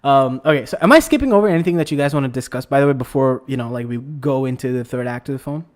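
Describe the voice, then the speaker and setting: A man hosting a casual anime discussion, rambling and excitable with lots of fillers and restarts. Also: medium pitch, rapid-fire. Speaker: podcast host.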